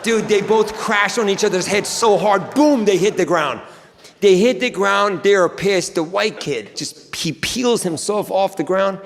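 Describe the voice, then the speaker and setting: A man from Iran performing a stand-up comedy routine with loud, animated storytelling on stage before a live audience. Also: sits high, unhurried, creaky, faint music behind. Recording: reverberant live venue with crowd noise.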